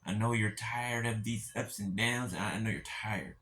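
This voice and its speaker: A soft-spoken man with a somewhat low voice talks straight to his listeners in a heartfelt spiritual encouragement talk. He speaks in halting, gentle phrases and keeps checking in with a quiet "right?" as he reassures them. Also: a little hiss or hum. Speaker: spiritual speaker addressing viewers.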